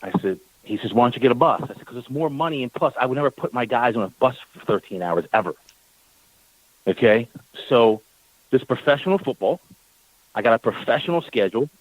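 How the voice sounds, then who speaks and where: A man's voice: mid-range voice, a little fast, dry recording, muffled recording. A man, a team owner, telling a long story on a talk radio show, acting out the exchanges and repeating words when worked up. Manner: animated storyteller, acts out quoted exchanges.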